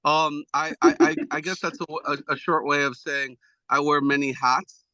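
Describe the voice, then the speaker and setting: A man's voice: a little high, normal speed, bright, forceful tone, no echo. A man, an executive producer, answering interview questions in a rambling, self-deprecating way with many restarts.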